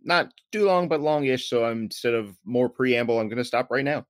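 A man hosts a loose podcast chat in a mid-pitched voice, full of ums and restarts. The sound is dry and close, with no room around it. He talks over a conference call. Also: fairly quick, no room sound. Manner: rambling, many fillers and restarts. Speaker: podcast host. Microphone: remote call.

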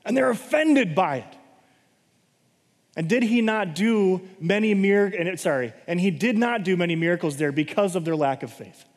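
A man's voice: sits high, lively intonation, normal speed. A man giving a conversational Bible teaching, explaining the passages plainly and often checking in with his listeners. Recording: long hall reverb.

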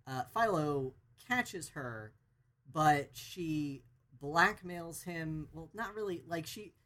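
Brief: podcast co-host, rambling casual recap, mid-pitched voice. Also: animated, slow, a bit bright. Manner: rambling, lots of fillers and restarts.

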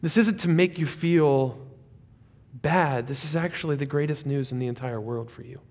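A male pastor preaching a sermon, animated, rising to loud peaks and dropping to quiet asides. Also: medium pitch, normal speed, big-room sound.

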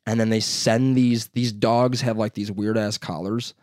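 A man's voice: fairly low pitch, flat delivery, measured pace, a little mellow, dry recording, studio quality. Rambling man hosting a podcast. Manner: rambling, heavy on fillers, mimics people he describes. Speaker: podcast host. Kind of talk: casual storytelling chat.

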